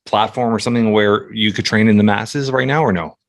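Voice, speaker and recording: Relaxed man hosting a podcast. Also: on the low side, fairly quick. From Canada. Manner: relaxed, friendly interviewer, short reactions. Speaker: podcast host. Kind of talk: casual podcast interview.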